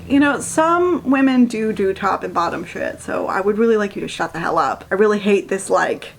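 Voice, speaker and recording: A woman giving a casual, sarcastic rant review of a book, swearing freely and sounding exasperated. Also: medium pitch.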